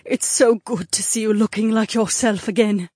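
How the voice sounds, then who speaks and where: Affectionate noble duchess, soft breathy tone, dry close sound, voiced by a woman. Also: medium pitch, fairly even intonation, moderate pace, no room sound, natural voice. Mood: fond. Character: warm, fussy noble duchess.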